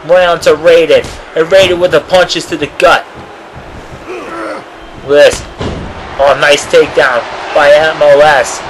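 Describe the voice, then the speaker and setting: A man giving excited amateur play-by-play commentary on a cage wrestling match, bursting out with "oh" and "oh man" throughout. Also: fairly high pitch, noisy background. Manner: excitable, frequent oh and oh man exclamations.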